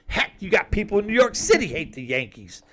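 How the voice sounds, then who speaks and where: A man's voice: sits high, sing-song, fairly quick, fairly bright tone. A man delivering an emphatic, rambling political monologue with sarcastic asides. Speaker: political commentator.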